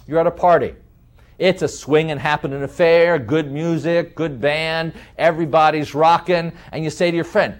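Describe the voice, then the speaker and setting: A man lecturing in a deliberate way, slowing down to stress key terms and explaining with vivid everyday examples. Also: fairly high pitch, fairly even intonation.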